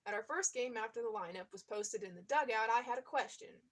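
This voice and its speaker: A woman with a somewhat high voice reads a memoir aloud at a steady, even and fairly quick pace. Now and then she stops to react to the text in a chatty, casual way, then returns to the reading.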